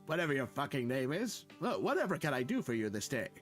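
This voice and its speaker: A man's voice: medium pitch, very animated, fast talker, faint music behind, natural voice. A man reading a pompous village dog doctor, mock-formal and slipping into casual swearing.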